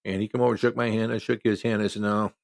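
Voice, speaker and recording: A man's voice: lowish voice, level tone, racing, creaky, no echo. A middle-aged man from Iowa, a football referee, telling a story in a folksy, conversational way and quoting people in his own voice. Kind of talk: casual spoken storytelling.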